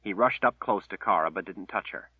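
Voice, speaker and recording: A man narrating a fantasy novel in a solemn, measured reading over a tinny phone-like line. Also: deep voice, breathy edge, no echo. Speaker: audiobook narrator.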